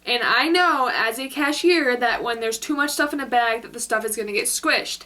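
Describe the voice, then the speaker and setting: A young woman telling a story in a chatty, rambling way, filling her sentences with "like." Her voice sits a little high and sounds bright and clear. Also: normal speed. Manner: chatty, filler-heavy, with lots of "like". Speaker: vlogger. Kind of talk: casual storytime.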